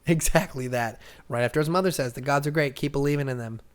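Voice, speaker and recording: A young man co-hosting a casual podcast, retelling a comic story with lots of acted-out lines and sudden shouts. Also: medium pitch, fast talker. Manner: animated storyteller, acts out characters' lines. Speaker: podcast co-host. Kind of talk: casual comic-book recap chat.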